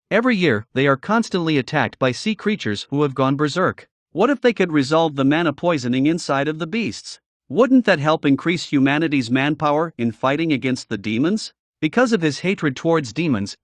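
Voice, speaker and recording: Man reading a fantasy novel aloud, slightly high voice, very dry recording. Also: dry recording. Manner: steady reading with occasional slips. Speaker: audiobook narrator. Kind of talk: first-person novel narration.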